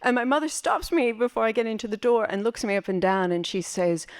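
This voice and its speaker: A woman from West Berlin performing a personal story live, in an animated, vivid and playful way. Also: a little high, fairly quick, hardly any pauses. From West Berlin, Germany.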